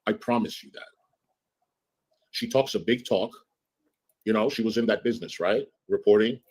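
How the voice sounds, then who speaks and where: A man's voice: fairly low pitch, moderate pace, a little mellow, slightly rough, low-quality recording. A man ranting indignantly on a live stream, accusing someone and repeating his points.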